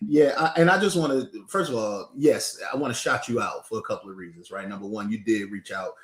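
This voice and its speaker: A man's voice: fairly low pitch, fairly quick, reverberant. A man who is a city council candidate, joining an interview by video call and talking in a playful, hyping way that repeats phrases. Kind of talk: casual interview chat.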